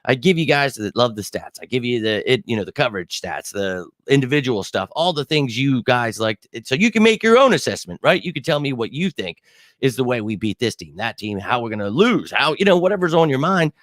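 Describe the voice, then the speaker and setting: A man in his thirties hosting a live sports fan show, chatting casually and excitedly, swearing freely and using many fillers. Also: mid-range voice, brisk, no room sound, clean studio sound. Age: 30s. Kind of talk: casual live-stream chat.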